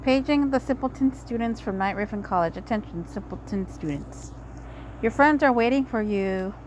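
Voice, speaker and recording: A woman's voice: fairly high pitch, lively intonation, normal speed, slight background noise, lightly acted, low-quality recording. A woman reading game dialogue aloud, voicing a smug, scheming male con artist who makes mock-courteous, taunting announcements.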